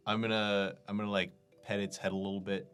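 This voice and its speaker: Young man, very deep voice, bright tone, playful game player, faint music. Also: level tone, quick pace. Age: young adult. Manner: playful, announces actions. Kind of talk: casual tabletop game play.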